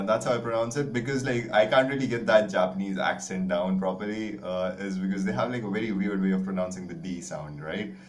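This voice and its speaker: A young man, teaching a literature lesson in a rambling, casual way full of "like" and "uh". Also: sits low. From India. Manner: chatty, rambling, frequent "like" and "uh" fillers. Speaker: English teacher.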